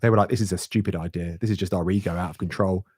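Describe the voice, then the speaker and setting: A middle-aged man, co-hosting a podcast and telling an animated story with laughs and swearing. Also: low-pitched, rapid-fire, breathy edge, dry recording, studio quality. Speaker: podcast co-host. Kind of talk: casual chat, storytelling.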